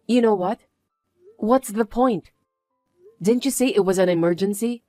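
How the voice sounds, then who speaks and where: A woman reading a story aloud as its main character, speaking in a flat, weary and dismissive way. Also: medium pitch, moderate pace, no echo, clean studio sound, faint music behind.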